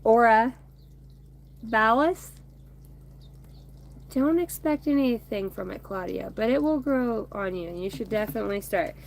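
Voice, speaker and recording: A woman's voice: a little high, expressive, a little slow, creaky, long pauses. A woman in her thirties hosting a casual card-reading chat on a phone outdoors, rambling, swearing and laughing between remarks. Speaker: oracle card reader streaming to viewers. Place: outdoors by a bonfire at home.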